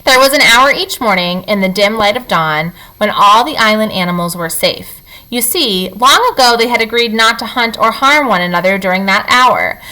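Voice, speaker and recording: A woman reads a children's book aloud with animated expression. Her voice is bright and clear, rising and falling freely to keep the story lively. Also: mid-range voice, normal speed, low-quality recording. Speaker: reader.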